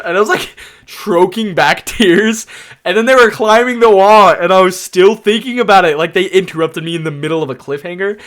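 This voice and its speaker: Excitable rambling young man, higher voice. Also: fairly quick, clear, resonant tone. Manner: excitable, rambling storyteller full of "like". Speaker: anime YouTuber. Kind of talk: casual tier-list commentary.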